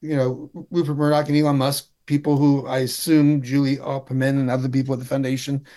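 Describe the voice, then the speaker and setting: Wry, halting man in political chat. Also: medium pitch, flat delivery, warm tone. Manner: wry, halting, many restarts.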